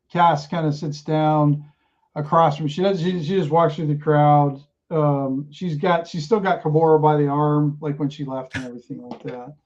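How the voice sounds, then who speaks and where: A man narrating a tabletop game as game master in a relaxed, halting way. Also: fairly high pitch. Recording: dull lo-fi sound.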